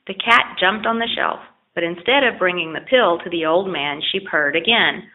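A woman narrates a storybook tale in a low, gravelly voice with a steady, plain delivery. The recording is thin and tinny, like a phone line. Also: unhurried. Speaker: audiobook reader.

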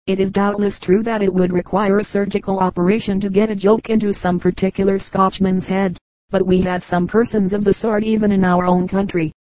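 Female audiobook reader; measured and even, mellow voice. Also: medium pitch, dry recording, rough recording. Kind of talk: scripted narration.

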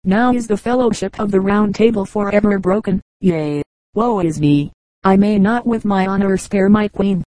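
Give me a mournful aging king, as a woman reads him in a storybook, lowered and sorrowful. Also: moderate pace, dark tone, no echo, lightly acted, rough recording. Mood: grieving. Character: grim aging male king, grieving.

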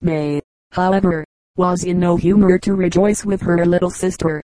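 A woman narrating an audiobook of children's stories in a measured, even reading. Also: lowish voice, no room sound, low-quality recording. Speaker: audiobook reader. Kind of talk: storybook narration.

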